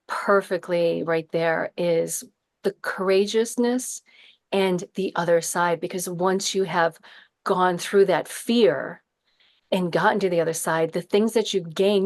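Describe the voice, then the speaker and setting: Reflective woman host, lowish voice. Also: darkish tone, no echo. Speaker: interview host. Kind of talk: casual interview.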